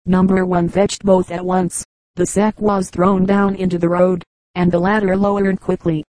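A woman narrating an adventure novel in a steady, even reading that also voices the dialogue. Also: fairly low pitch, moderate pace, dry recording, poor audio. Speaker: audiobook reader. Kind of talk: scripted narration.

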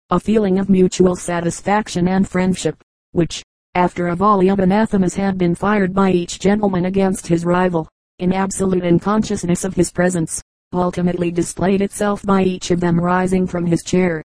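A woman reads an old book aloud for an audiobook at a measured, even pace. Her voice is mellow and low-key, and the recording is dry with no room sound. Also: no echo, low-quality recording. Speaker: audiobook narrator. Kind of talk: scripted narration of an old book.

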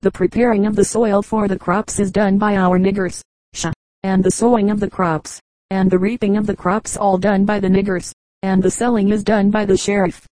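A woman reading the lines of a boastful older southern gentleman in a storybook, speaking eloquently. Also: mid-range voice, level tone, moderate pace, dry recording, lightly acted, rough recording. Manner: eloquent, grandly speechifying.

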